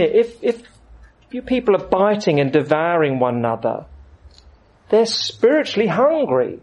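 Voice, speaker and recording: A man preaching a sermon, with lively storytelling and rising emphasis. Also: high voice, normal speed, rough recording.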